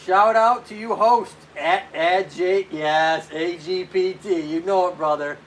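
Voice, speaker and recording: A man's voice: high-pitched, measured pace, a little hiss or hum. A man hosting a casual live stream as a physical therapist, chatting loosely, greeting viewers by name and answering their questions.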